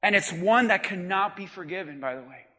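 A man preaching a sermon in an emphatic, often shouting manner, calling out to the congregation. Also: sits high, lively intonation, fairly quick, long reverb tail. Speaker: pastor.

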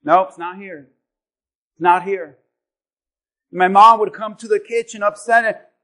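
Man preaching, high voice, animated storytelling, loud bursts then hushed asides. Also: a little slow. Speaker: pastor. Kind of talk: sermon.

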